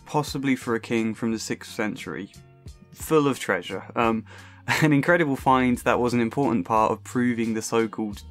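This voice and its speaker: A man from Suffolk with a faint English accent and only slight local traces, narrating a personal film video essay in a chatty, self-aware way with soft laughs and ums. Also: mid-range voice, moderate pace, soft background music. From Suffolk, England. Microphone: close home microphone.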